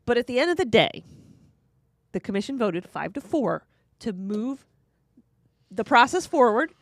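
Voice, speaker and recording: A woman's voice: a little high, very animated, a little slow, dry recording, studio quality. A woman co-hosting a casual political talk show, explaining a county program in a chatty way with frequent restarts. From Florida. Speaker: podcast co-host.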